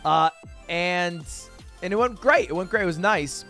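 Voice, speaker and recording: A young man hosting a livestream, chatting casually with viewers, animated, jokey and swearing freely. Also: high voice, unhurried, soft background music. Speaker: livestream host.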